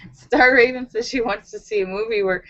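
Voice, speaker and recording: A young woman hosting a casual live stream at home, telling stories in an animated, chatty way with many fillers, on a webcam mic. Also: fairly high pitch, measured pace, lo-fi sound.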